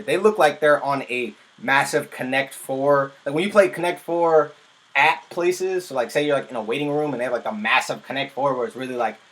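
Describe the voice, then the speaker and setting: A man who works as a music producer, giving casual reaction commentary on a music video in an excitable, rambling way and often breaking off mid-sentence. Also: mid-range voice.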